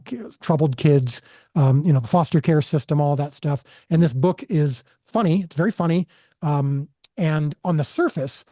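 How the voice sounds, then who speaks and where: A man's voice: on the high side, dark tone, no room sound, studio quality. A man guest on a podcast interview, telling a personal story earnestly and with animation, often restarting his sentences. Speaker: filmmaker guest.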